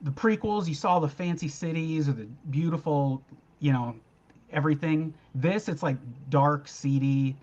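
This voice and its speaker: A man's voice: a little high, moderate pace, darkish tone, lo-fi sound. A man co-hosting a casual fan discussion, pointing out details with lots of "like" and fillers. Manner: detail-focused, filler-heavy, uses "like" often. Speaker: co-host. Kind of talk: casual chat.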